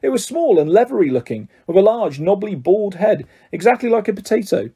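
A man reading a children's story aloud as narrator, in an expressive, animated way. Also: sits high, a little fast, husky. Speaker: audiobook narrator. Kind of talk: scripted narration.

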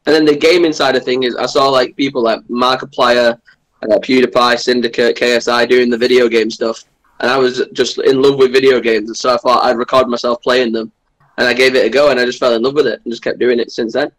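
A young man with a Northern English accent chats over an online call as a guest. He rambles easily through his answers, filling gaps with "like," in an ordinary middle pitch. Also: little pitch movement, brisk, low-quality recording. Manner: chatty, rambling with many "like" fillers. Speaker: podcast guest, YouTuber. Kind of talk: casual interview. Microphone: remote call over Discord.

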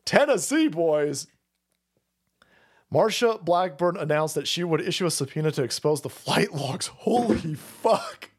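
A man hosting a livestream, ranting and swearing, laughing often and swinging between shouting and muttering. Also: on the high side, animated, measured pace, slightly rough. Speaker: livestream host. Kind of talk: profane political rant.

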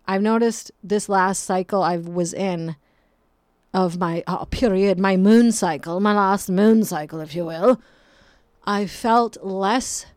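A woman's voice: medium pitch, dry recording, clean studio sound. A woman hosting a podcast, talking in a blunt, profane, ranting casual monologue. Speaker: podcast host.

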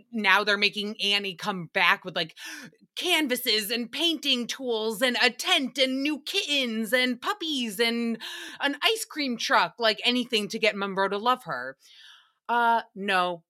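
A young woman with a bright, forceful voice sitting a bit above the usual female range, chatting through a solo podcast recap. She talks in a sassy, irreverent way, swearing freely and acting out little quoted exchanges. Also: on the high side. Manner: sassy, profane, quick asides and acted-out quotes. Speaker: podcast host. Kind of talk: casual solo recap commentary.

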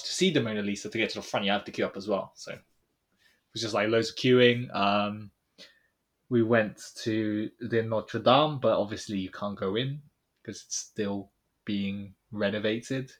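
A young man, co-hosting a podcast and recounting a trip in casual chat, rambling with many fillers and trailing off quietly. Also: fairly low pitch. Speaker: podcast co-host.

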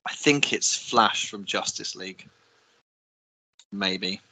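A man co-hosting a casual podcast, wry and joking, quick to laugh. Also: on the low side, pushed and bright, no room sound, rough recording. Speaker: podcast co-host.

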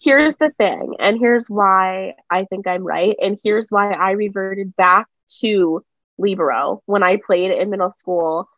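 A woman's voice: medium pitch, unhurried, fairly bright tone, no room sound. Young woman co-host, emphatic chatty delivery, dry and slightly muffled recording. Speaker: podcast co-host. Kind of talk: casual chat.

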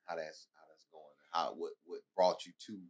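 Deep-voiced man rambling through a question. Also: little pitch movement, moderate pace. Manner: rambling, hesitant questions with many restarts. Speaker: podcast host. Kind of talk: casual interview talk.

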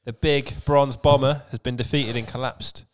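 A man's voice: medium pitch, steady tone, normal speed. A man hosting a casual podcast chat, leading the topics with jokey banter. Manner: leads topics, jokey presenter. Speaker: podcast host.

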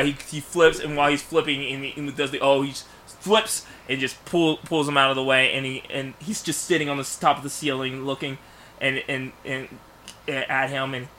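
A man in casual podcast chat, pitching a movie plot in rambling bursts with many restarts. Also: a little hiss or hum. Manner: rambling storyteller, many restarts, bursts of loud acted lines. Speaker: podcast co-host.

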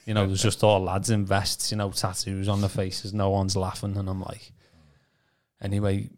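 A man from Birkenhead, telling his testimony on a podcast in a casual, animated way with stammering repeats. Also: sits low, normal speed. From Birkenhead, England. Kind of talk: casual storytelling.

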